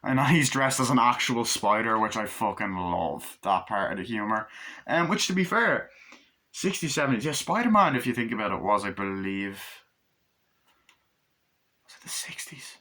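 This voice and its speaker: A young man giving a casual, rambling film review, swearing freely and acting out scenes in quick put-on voices. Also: lowish voice, sing-song, pushed and bright. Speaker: movie reviewer.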